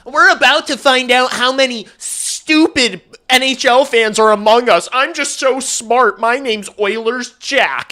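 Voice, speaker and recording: A man's voice: very high-pitched, pushed and bright, voice pushed up, heavily acted. A man putting on a smug, whiny voice to play a self-satisfied know-it-all male hockey fan.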